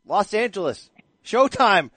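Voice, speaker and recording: A man's voice: sits high, very animated, measured pace, sharp tone, dry recording. A man hosting a sports talk show, asking questions in a playful, hyped-up way. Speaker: podcast host. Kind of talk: casual sports talk and interviewing.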